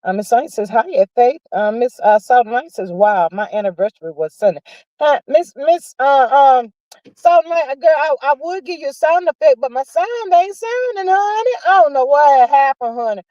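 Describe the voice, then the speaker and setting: A woman hosting a casual livestream, chatting about celebrity news in a sassy, drawn-out way and calling viewers honey and child. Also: sits high, lively intonation, warm tone, no room sound, rough recording. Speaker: livestream host. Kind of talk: casual gossip chat.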